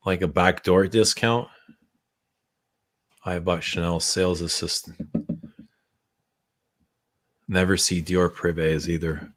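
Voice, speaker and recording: A man's voice: deep voice, steady tone, measured pace. A man hosting a late-night livestream, talking in a laid-back, drawling way and laughing often. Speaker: perfume brand owner hosting a livestream.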